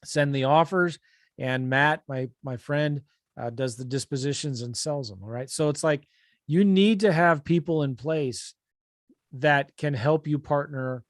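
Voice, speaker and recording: A fairly high-voiced man talks through business coaching in a lively, conversational way. He slips into little acted-out quotes of other people's worries. The sound is close and dry, with no room around it. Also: no room sound. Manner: animated, acts out people's thoughts in quotes. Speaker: real estate investing coach and show host.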